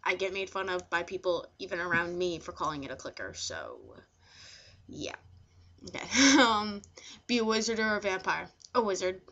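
A woman's voice: on the low side, sing-song, moderate pace, a bit bright, dull audio. Hesitant woman. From New Jersey. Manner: hesitant, with frequent fillers. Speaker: vlogger. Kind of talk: casual word-list reading.

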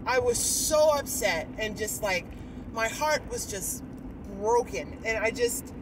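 A woman vlogging candidly outdoors, her voice lively and rising and falling a lot as she rambles through her thoughts with sighs and fillers. She sits a little way from the mic, and loud traffic rumbles behind her. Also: slow, far from the mic. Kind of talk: candid personal vlog rant.

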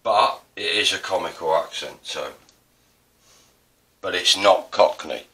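Low bright-voiced man with an Essex accent. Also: takes it slowly, far from the mic. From Essex, South East England. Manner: rambling, self-deprecating, digressive. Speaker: artist demonstrating printmaking. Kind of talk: casual tutorial narration.

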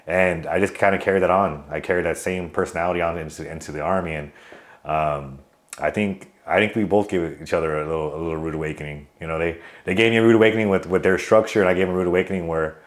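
Very low-voiced outgoing veteran man. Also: fairly even intonation, fast talker. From California. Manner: loose, rambling, with many fillers and restarts; outgoing joker telling stories. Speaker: army veteran guest. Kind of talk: casual interview storytelling.

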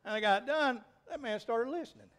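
A man's voice: very high-pitched, a little fast. A middle-aged man, preaching a sermon in a folksy, emphatic way. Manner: folksy, animated preaching with rising emphatic peaks. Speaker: pastor.

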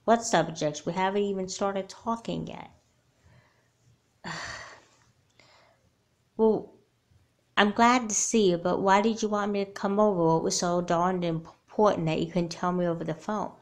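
A woman's voice: medium pitch, fairly even intonation, a little slow, pauses often, natural voice. A woman voicing a talkative, caring, religious young girl doll in a homemade doll movie, who asks question after question. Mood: curious.

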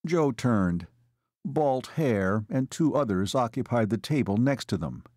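A man narrating a novel as an audiobook, telling the story in a measured way. His pitch sits in a middle range with lively movement. The recording is close and dry. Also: no echo. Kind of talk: scripted narration.

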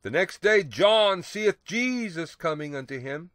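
A man's voice: sits high, animated, a bit bright, no echo, studio quality. A man teaching the Bible on the radio, reading scripture aloud with emphasis and breaking in with hallelujahs and rhetorical "see?". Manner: exclaims hallelujah, asks "see?"; reads old scripture wording slowly and emphatically.

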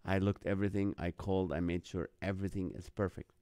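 A man's voice: low-pitched, quick pace, dry recording, studio quality. A man from the Middle East hosting a live online show, telling a comic story and acting out other people's lines. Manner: animated, acts out other people's lines in a jumped-up voice. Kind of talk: comedic storytelling monologue.

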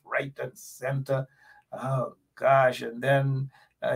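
A man hosting a political talk show, rambling and jokey, with animated outbursts. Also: a little high, husky. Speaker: radio talk show host.

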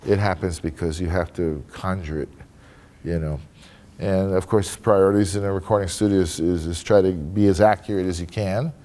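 In a conference room before an audience, a man appears as a guest trumpet player on a casual panel, speaking loosely and candidly with lots of "you know" and "man." His deep voice is warm, his intonation fairly even, and his pace moderate.

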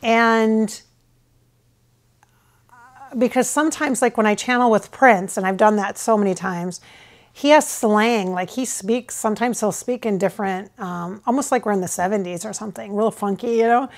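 A woman's voice: medium pitch, moderate pace. An American woman talking casually to camera in a rambling, hesitant way, often restarting her sentences. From United States. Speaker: channeler. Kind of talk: casual spoken reflection to camera. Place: at home with her husband filming.

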